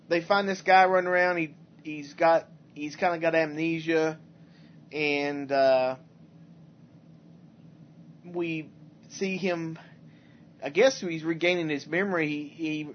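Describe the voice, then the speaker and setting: A man's voice: a little high, a little hiss or hum. A man casually chatting about movies as a podcast co-host, rambling and restarting often, recorded on a dull lo-fi setup. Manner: rambling, halting, many restarts and fillers. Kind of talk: casual chat.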